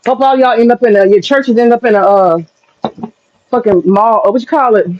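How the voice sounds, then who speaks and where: A woman with a fairly high voice, talking a little fast, bluntly and profanely rants to her chat on a casual live stream, laughing often. The audio is dull and lo-fi with faint noise.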